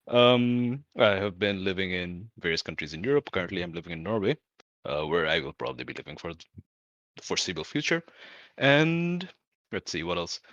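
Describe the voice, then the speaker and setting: A man's voice: low-pitched, a bit bright, no room sound. Dry-humoured man from Bangladesh, lo-fi mic. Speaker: academic and podcast editor. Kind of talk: casual podcast chat.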